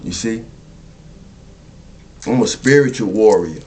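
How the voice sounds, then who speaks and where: A man's voice: fairly low pitch, slow pace, long pauses. Preacherly man with repetitive cadence. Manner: repetitive, preacherly, chuckles often, asks "you see?". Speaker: spiritual speaker. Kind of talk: spoken spiritual monologue.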